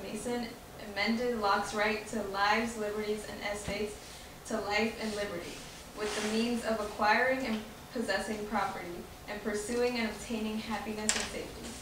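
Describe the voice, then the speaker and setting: A female student reading a passage aloud in class, careful and halting over hard words. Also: mid-range voice, flat delivery, background noise. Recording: echoey classroom from far off.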